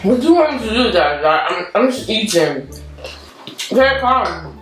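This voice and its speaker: A woman's voice: mid-range voice, big pitch swings, normal speed. A young woman chats as host of a family vlog, teasing and coaxing and dropping "like" often. Her voice bounces around an echoey room while music plays behind her. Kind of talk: casual chat.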